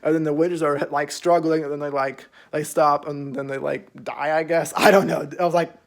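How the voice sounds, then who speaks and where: A man's voice: fairly high pitch, little pitch movement, moderate pace, creaky. Rambling young man recapping a show. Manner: rambling, filler-heavy, swears freely. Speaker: show reviewer. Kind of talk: casual episode recap.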